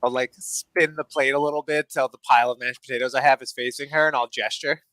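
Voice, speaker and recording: A man's voice: mid-range voice, steady tone, fast, sharp tone, no echo, low-quality recording. Male player, playful, plain mid voice, dry close sound. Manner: playful, describing actions. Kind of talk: casual tabletop play.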